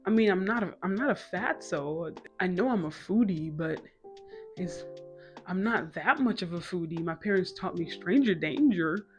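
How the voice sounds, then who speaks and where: A woman in her twenties telling a personal story to camera in a casual vlog, chatty with quick self-mocking asides. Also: fairly low pitch, animated, faint music behind. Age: 20s. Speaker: storytime vlogger.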